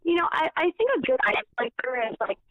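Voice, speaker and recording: A woman's voice: high voice, animated, fast, a bit bright, no room sound, muffled recording. A woman guest on a podcast interview, talking casually in a gushing, emotional way and repeating herself.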